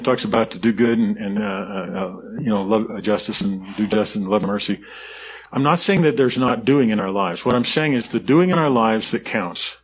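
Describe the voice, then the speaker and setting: A man's voice: on the low side, breathy edge. A man pastor giving an earnest, conversational sermon, often restarting his sentences. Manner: conversational and earnest, with frequent restarts and soft laughs.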